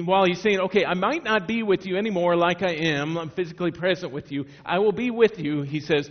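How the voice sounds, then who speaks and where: A middle-aged man from Northwest Indiana delivers a sermon in a relaxed, storytelling way, stumbling over restarts and asking the congregation questions. His voice sits somewhat high for a man. The recording is slightly muffled and rings with the long reverb of a large hall. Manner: conversational, restarts and rhetorical questions. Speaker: pastor.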